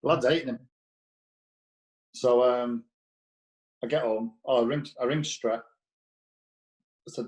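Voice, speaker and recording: A man's voice: medium pitch, steady tone, slow pace, pauses often, rough recording. A man, a former footballer appearing as a guest, telling stories in a blunt, profane way and acting out quoted dialogue. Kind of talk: casual anecdotal storytelling.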